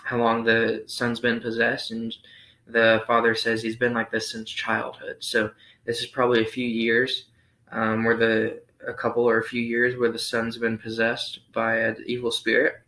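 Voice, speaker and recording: Young guy teaching a bible lesson, bright voice, kinda roomy echo, lots of ums. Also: medium pitch, normal speed. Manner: relaxed, thinking aloud with frequent ums. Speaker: youth Sunday school teacher. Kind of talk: Bible reading and casual lesson.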